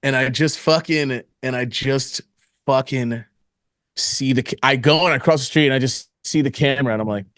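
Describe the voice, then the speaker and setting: A young man co-hosting a podcast, telling a story in casual chat, animated and profane, bursting into loud acted lines. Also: mid-range voice, moderate pace, dry recording, clean studio sound. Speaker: podcast co-host.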